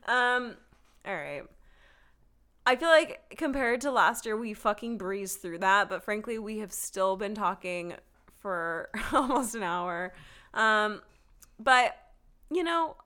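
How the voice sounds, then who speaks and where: A woman's voice: mid-range voice, lively intonation, slow, sharp tone. A young adult woman co-hosting a podcast, chatting casually in a frank, joking way and swearing freely. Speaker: podcast co-host. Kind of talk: casual chat.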